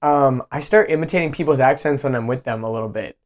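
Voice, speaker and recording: A man's voice: mid-range voice, fast. A man from the southern United States chatting casually as a podcast co-host, rambling and using lots of fillers. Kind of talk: casual chat.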